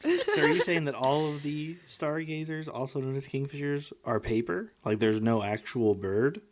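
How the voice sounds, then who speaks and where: A co-host on a casual book club podcast who talks wryly and vents complaints. The voice sits at a middle pitch. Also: moderate pace. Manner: wry, venting complaints.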